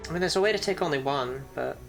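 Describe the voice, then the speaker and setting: A woman's voice: sits low, quick pace, gravelly, soft background music. A woman with a New Zealand accent, thinking aloud and swearing casually as she streams a card game. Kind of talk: casual gaming commentary.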